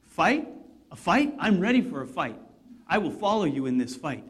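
A man voicing an impulsive male disciple, bold at first and then frightened, protesting loudly. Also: on the high side, steady tone, brisk, close to an everyday voice. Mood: eager. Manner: blustering protests.

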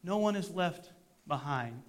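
A man's voice: fairly high pitch, lively intonation, measured pace. A middle-aged male pastor preaching a sermon in a conversational way, with self-deprecating humor.

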